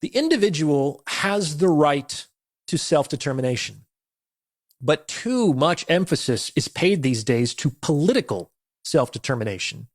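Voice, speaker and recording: A man giving an intense motivational monologue. He speaks in a forceful, declamatory way and swears. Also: on the high side, no echo, clean studio sound.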